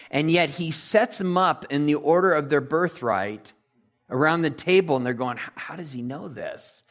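A man teaching a Bible passage in a relaxed, conversational way, paraphrasing the characters in everyday speech and reading verses aloud. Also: fairly high pitch. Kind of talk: casual sermon retelling scripture.

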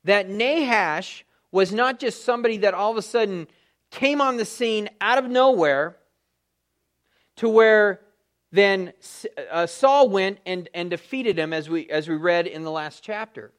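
A man's voice: high-pitched, unhurried, fairly bright tone. A man, a pastor, teaching verse by verse through a Bible passage in a conversational way, thinking aloud with fillers and restarts.

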